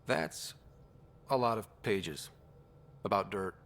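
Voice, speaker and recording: An actor playing a calm young male expedition leader who speaks plainly. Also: low-pitched, slow pace.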